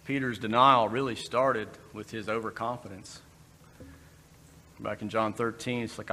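A man's voice: on the low side, fairly even intonation, measured pace, bright, forceful tone. A man giving a conversational sermon, breaking into brief acted quotes. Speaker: preacher. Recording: long reverb in a hall, faint background noise.

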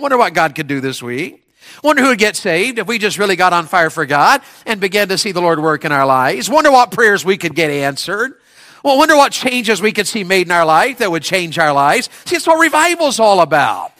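Evangelist, male, bright tense tone, folksy sermon storyteller who gets fired up. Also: high voice, brisk. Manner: folksy storytelling with rising bursts of excitement. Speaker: evangelist preacher.

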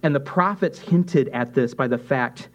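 A man's voice: medium pitch, a little slow, highs cut off. Man preaching a conversational sermon. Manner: conversational preaching with quoted asides and restarts. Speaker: pastor.

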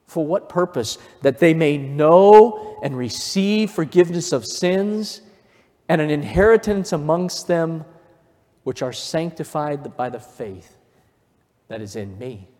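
A male pastor preaching a sermon, telling stories and building from quiet to fervent emphasis. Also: on the high side, lively intonation, slow pace. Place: church sanctuary. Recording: long reverb of a church hall.

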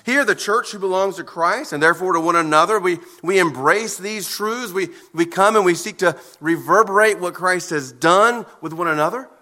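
A man preaching a sermon as pastor, earnest and emphatic, with deliberate pauses between phrases. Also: high-pitched, pushed and bright.

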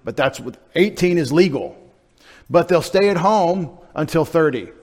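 A middle-aged man, preaching a sermon in a conversational, self-deprecating way, dropping into quiet asides. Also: on the high side, lively intonation, normal speed. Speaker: pastor.

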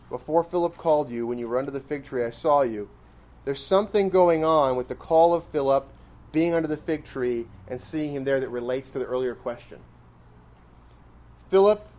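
A man's voice: fairly high pitch, darkish tone. A man preaching an expository sermon in a conversational style, questioning his listeners and pressing points with emphatic rises. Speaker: pastor.

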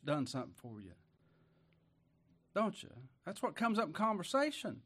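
A man preaching a sermon, rising to loud exclamations and dropping to quiet murmurs. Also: high-pitched, wildly swooping pitch, normal speed, pauses often.

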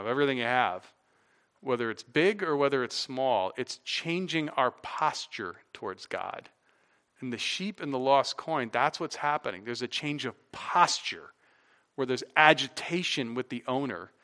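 This middle-aged pastor's sermon rings out in a clear, resonant, medium-pitched voice. Lively and chatty, he swells loud for emphasis and drops in casual asides along the way.

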